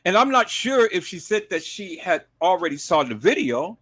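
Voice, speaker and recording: A man hosting a live stream, giving emphatic commentary to his viewers, dropping to low murmurs and rising to shouted outbursts. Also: very animated, normal speed, hardly any pauses, breathy edge. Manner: emphatic, repeatedly addresses viewers as "peoples".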